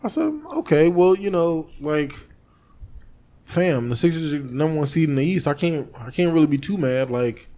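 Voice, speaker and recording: A man with a slightly raised speaking pitch holds the floor on a casual podcast. He tells his story with animated energy, acting out each exchange and cursing freely along the way. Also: normal speed. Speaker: podcast host. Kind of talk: casual chat.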